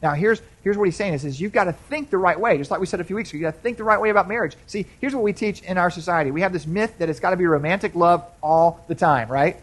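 A man's voice: high-pitched, fast, few pauses, a bit bright. A pastor preaching a sermon to his congregation in a loose, conversational way, with frequent restarts and questions to the listeners. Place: church sanctuary.

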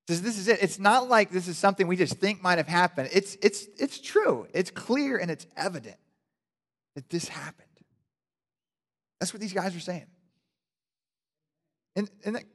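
A male pastor giving a casual, animated sermon with joking asides, often restarting his sentences. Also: high-pitched, moderate pace. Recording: long hall reverb.

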